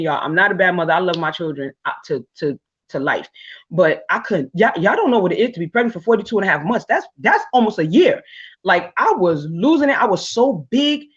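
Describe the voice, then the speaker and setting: A woman tells personal stories in a lively, animated way, often restarting and filling pauses. Her voice comes through somewhat dull, lo-fi audio. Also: mid-range voice, breathy edge. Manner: animated, laughing, frequent restarts and fillers. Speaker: guest speaker. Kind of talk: casual storytelling on a live talk show.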